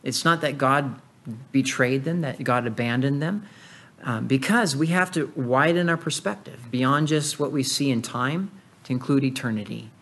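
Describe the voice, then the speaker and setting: A man's voice: mid-range voice, normal speed, a bit bright. A man preaching an earnest sermon, explaining and reading scripture aloud to his listeners. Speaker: pastor.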